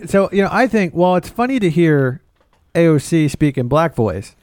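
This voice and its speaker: A man's voice: on the high side, big pitch swings, moderate pace, darkish tone, no room sound, studio quality. A man in casual chat, rambling through a story with lots of quoted asides.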